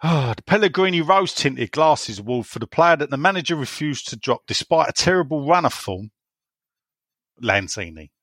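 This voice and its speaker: A man's voice: a little high, very animated, normal speed, a bit bright, no room sound, clean studio sound. A man hosting a casual football podcast, teasing his co-hosts and reading out listener emails. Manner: jokey, teasing, reads listener emails aloud. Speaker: podcast host.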